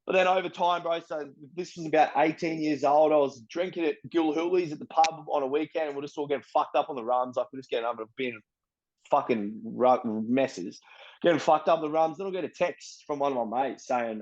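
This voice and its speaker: Blunt, swearing Australian man, a bit high. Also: fairly even intonation, fairly quick, a little mellow, muffled recording. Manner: blunt and profane, peppered with "bro" and "you know what I mean". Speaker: interviewee. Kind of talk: candid personal storytelling.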